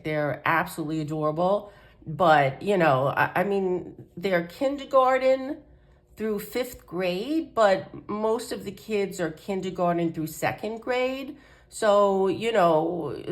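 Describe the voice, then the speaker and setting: Stuffy-nosed woman chatting. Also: mid-range voice. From United States. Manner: chatty and rambling, with many ums and restarts. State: nasal, stuffy from a cold. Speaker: coloring channel host. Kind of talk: casual chat to camera.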